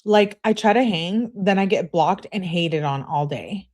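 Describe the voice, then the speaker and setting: A woman's voice: lowish voice, a little slow, a little mellow. A woman reading aloud as an upset teenage girl, clingy and indignant, complaining in an exasperated way. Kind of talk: reading text messages aloud.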